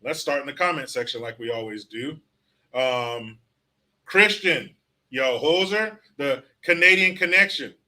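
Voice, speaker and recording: A man's voice: medium pitch, a little slow, sharp tone. A man hosting a political livestream, ranting bluntly and sarcastically with lots of profanity while reading out chat comments. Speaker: political commentary show host.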